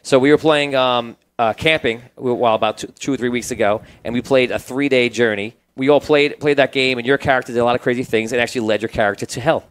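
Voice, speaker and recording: A man's voice: mid-range voice, steady tone, fast, hardly any pauses, smooth, rough recording. Rambling male game master narrating. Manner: rambling, with many restarts and fillers; cinematic scene-setting narration.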